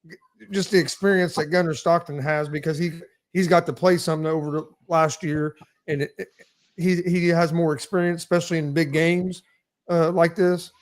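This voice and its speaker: A man's voice: fairly high pitch, steady tone, normal speed. A man co-hosting a sports podcast, giving his picks with lots of repeats and teasing. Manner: repeats himself, ribs his co-hosts. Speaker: co-host. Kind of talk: casual sports podcast banter.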